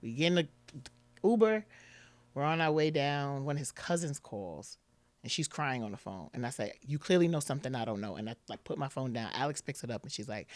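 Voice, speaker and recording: On a podcast, a woman guest with a bass voice talks fairly quickly, animatedly retelling a personal story and acting out what people said. Her speech is full of "like" fillers, and there's no room sound.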